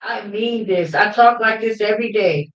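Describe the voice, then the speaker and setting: A woman hosting a livestream, telling personal stories with emphatic fervor that at times rises to shouting. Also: mid-range voice, moderate pace. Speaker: livestream host. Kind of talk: fervent personal storytelling. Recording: roomy, dull lo-fi livestream audio.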